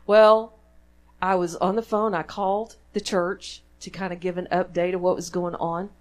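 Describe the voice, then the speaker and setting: A woman's voice: fairly low pitch, little pitch movement, normal speed. A woman with a Texan accent preaching a sermon in church, in a conversational, folksy way that draws the congregation in with questions. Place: church sanctuary.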